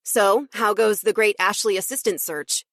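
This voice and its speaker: A woman's voice: mid-range voice, moderate pace, fairly bright tone, no room sound, clean studio sound, close to an everyday voice. A woman narrator voicing a jovial, chatty man, a friendly wedding photographer.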